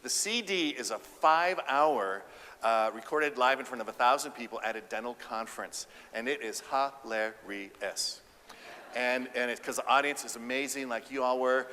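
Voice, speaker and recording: A man giving an animated, humorous keynote speech about relationships on a conference stage. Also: medium pitch, normal speed, slight background noise. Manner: animated, acts out voices, audience banter. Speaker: keynote speaker and relationship counselor. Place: conference stage before a live audience. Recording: echoey conference hall.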